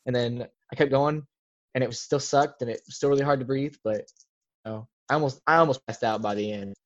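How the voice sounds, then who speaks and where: A man's voice: medium pitch, brisk, highs cut off. A young man, a podcast guest, telling a casual story in a rambling way, full of filler words. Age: young adult.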